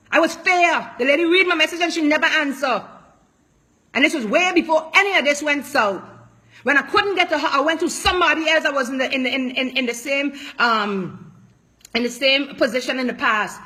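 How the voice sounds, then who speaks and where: A woman politician speaks out in an impassioned statement, repeating lines for emphasis and pressing each point hard. Her voice sits high and rings bright and forceful, and emotion pushes through her words.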